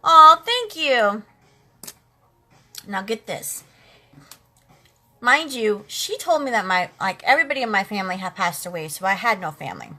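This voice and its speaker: Bright-voiced woman telling a heartfelt story. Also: medium pitch, animated, fairly quick. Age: late 30s. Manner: earnest, heartfelt, talks straight to viewers. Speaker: makeup live streamer. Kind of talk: casual personal storytelling on a livestream.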